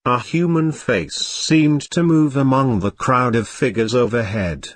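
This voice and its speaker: A man reading a classic novel aloud as an audiobook, in a measured storytelling manner with light shifts for the characters. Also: medium pitch, no echo. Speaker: narrator.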